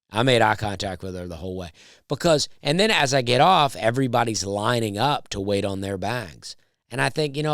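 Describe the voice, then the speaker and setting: Smooth baritone man telling a story. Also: a bit bright, no echo, clean studio sound. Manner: chatty and rambling, with wry asides. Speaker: comedian and podcast host. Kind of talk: casual storytelling monologue.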